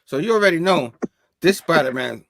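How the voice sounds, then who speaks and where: A man hosting a casual comic book review, talking in an animated way, laughing often and acting out the dialogue. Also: fairly high pitch, brisk, creaky, no echo, studio quality.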